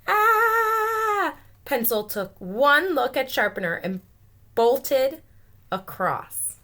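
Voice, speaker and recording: A woman teacher reading a picture book aloud to children, expressive with gentle asides. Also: mid-range voice.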